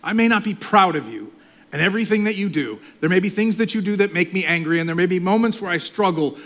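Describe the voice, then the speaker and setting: A middle-aged male pastor preaching a sermon, swinging from loud, impassioned lines to hushed whispers. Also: high-pitched, lively intonation, fast talker.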